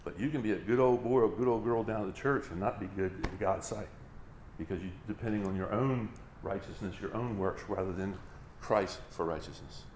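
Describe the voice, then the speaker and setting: A man's voice: on the low side, fairly quick, darkish tone, slight background noise. Emphatic preacher man, echoey room. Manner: emphatic, repetitive preaching with rising intensity. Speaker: pastor. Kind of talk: sermon.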